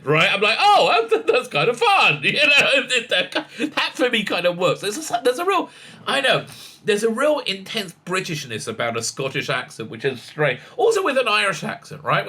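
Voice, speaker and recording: A man, rambling excitably through a casual commentary vlog with many fillers and restarts. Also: a little high, normal speed. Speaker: rabbi and online commentator.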